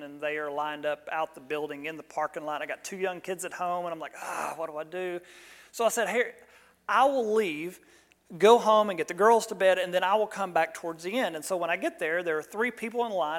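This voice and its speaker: A male pastor, likely in his thirties, telling a personal story in a sermon with animated delivery that jumps loud on quoted lines. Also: sits high, big-room sound.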